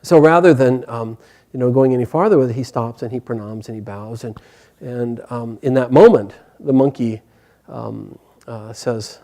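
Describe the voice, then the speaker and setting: A man teaching a spiritual class, telling a story gently and hesitantly with many pauses and fillers. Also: medium pitch.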